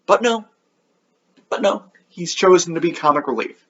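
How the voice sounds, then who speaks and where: A man's voice: a little high, moderate pace, slightly rough, dull audio. A man hosting a comedic anime review show, sarcastic and swearing freely.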